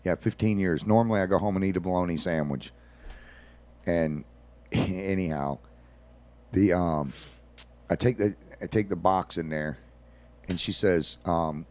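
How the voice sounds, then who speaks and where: A man's voice: low-pitched, moderate pace, long pauses, a little mellow. A man, a regular on a radio show, telling rambling stories in casual talk with folksy asides.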